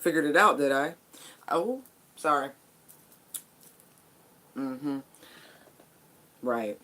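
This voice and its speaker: A woman's voice: low-pitched, animated, very slow, bright, forceful tone. A woman giving a casual spiritual tarot reading, chatty and emphatic, with casual swearing. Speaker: tarot card reader.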